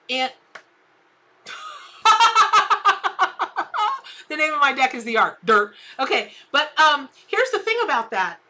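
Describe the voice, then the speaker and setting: A woman's voice: sits high, pushed and bright. A woman hosting a live tarot stream, chatty and rambling as she calls viewers by name.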